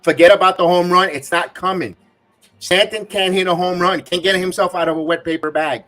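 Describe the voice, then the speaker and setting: A man's voice: sits high, steady tone, a little fast, bright, forceful tone, faint music behind. A man hosting a live baseball watch-along, ranting and cursing as an irate fan giving game reaction commentary.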